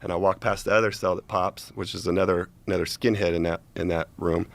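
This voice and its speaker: Male guest, low and gravelly, laid-back slangy storyteller. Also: steady tone, fast talker. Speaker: interview guest. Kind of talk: casual storytelling.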